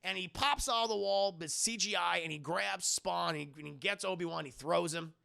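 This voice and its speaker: Gravelly, bright-voiced joking man. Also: sits high, a little fast. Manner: profane, jokey, acts out characters. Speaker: film reviewer streaming to chat. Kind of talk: casual spoiler recap.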